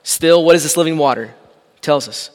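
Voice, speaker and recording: A man preaches in a relaxed, conversational way, one moment driving a point home with force, the next dropping to a quiet aside. His voice sits a little higher than most men's. A long reverb trails every phrase, as in a large church sanctuary. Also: moderate pace. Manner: conversational preaching that swings between loud emphasis and quiet asides. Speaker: pastor. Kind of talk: sermon. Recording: long echo of a large hall.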